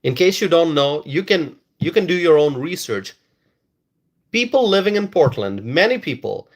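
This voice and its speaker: A man's voice: a little high, sing-song, normal speed. A man doing live-stream commentary and reading viewer comments, emphatic and repetitive, often stalling and restarting words.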